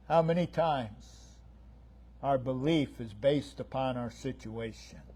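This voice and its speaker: A man preaching a sermon, emphatic and repetitive, swinging between loud declarations and hushed lines. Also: medium pitch, slightly rough. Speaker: pastor.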